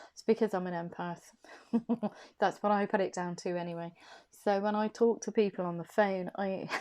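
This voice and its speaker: A woman's voice: mid-range voice, dark tone. A woman from Warwickshire with an English accent, giving a casual tarot reading from her room in a chatty, rambling way with frequent laughs. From Warwickshire, England. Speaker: tarot reader.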